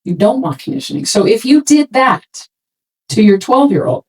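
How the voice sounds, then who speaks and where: A woman speaking to a room of swimming parents in a casual, animated way, acting out quoted remarks as she goes. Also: on the high side, moderate pace, slightly rough, poor audio. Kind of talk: talk to a parents' session.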